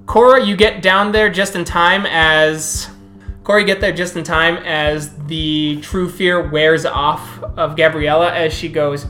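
A woman as storyteller, narrating a tabletop game in an unhurried, halting way. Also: low voice, steady tone, fairly bright tone, faint music behind.

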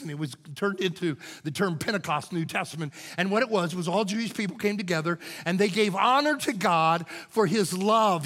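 A male pastor delivering a sermon, swinging between loud shouts and hushed asides. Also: high voice, long reverb tail. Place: church sanctuary.

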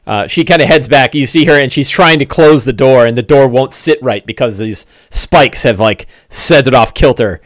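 A man's voice: medium pitch, normal speed, hardly any pauses, no echo. A man narrating a tabletop game as game master, easygoing and full of "uh"s. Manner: easygoing, with many "uh"s.

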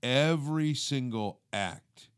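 A man co-hosting a faith podcast, explaining scripture in a casual, animated way and acting out everyday inner thoughts. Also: mid-range voice, takes it slowly, clean tone. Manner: animated, acts out inner monologue; calls listener "dude". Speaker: podcast co-host. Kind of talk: conversational teaching.

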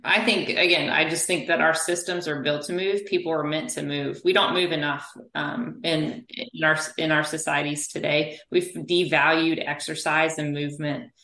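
Guest spot: low-pitched woman, animated storyteller, physical therapist, roomy echo on her. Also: moderate pace, few pauses. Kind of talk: conversational interview.

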